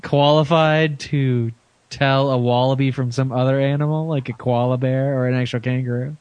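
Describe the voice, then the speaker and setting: A man's voice: mid-range voice, steady tone, normal speed, darkish tone, clear, resonant tone, dry recording. Skeptical, quipping podcast sidekick man. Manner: skeptical, teasing quips and interjections. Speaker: podcast co-host. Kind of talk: casual comedic podcast banter.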